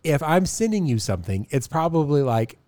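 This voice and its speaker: A middle-aged man chats on a podcast with a lively, swinging pitch. He tells stories, mocks himself and adds quick asides. His voice is close and dry, with no room sound. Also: no room sound. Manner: self-deprecating, animated storyteller, quick asides. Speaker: podcast co-host. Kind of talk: casual chat.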